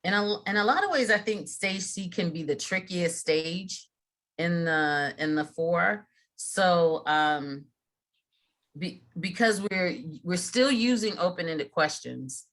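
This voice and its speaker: A woman's voice: on the low side, animated, slow pace, a bit bright. A middle-aged woman leading a mediation training over a video call, chatty, with many fillers and restarts. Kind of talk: casual training talk.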